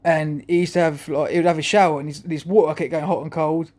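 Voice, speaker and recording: A man's voice: a little high, fairly even intonation, quick pace, a little mellow. A man talking to camera in a rambling, chuckling monologue full of restarts. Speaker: vlogger.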